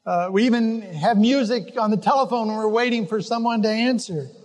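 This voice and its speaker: A man preaching a sermon, earnest and gently exhorting his listeners. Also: sits high, brisk, in a large hall. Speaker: pastor.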